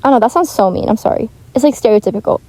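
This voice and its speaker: A woman's voice: fairly high pitch, very fast, dark tone, poor audio. A teenage girl chatting casually and rambling as a vlogger, with many "like" fillers and restarts. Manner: chatty, rambling, heavy use of "like". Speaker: gaming vlogger. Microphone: home microphone, not high-end.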